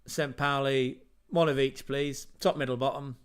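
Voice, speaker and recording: A man's voice: mid-range voice, moderate pace, hardly any pauses. A man hosting a casual football livestream, chatty and rambling, with self-mocking asides. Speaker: football podcast host.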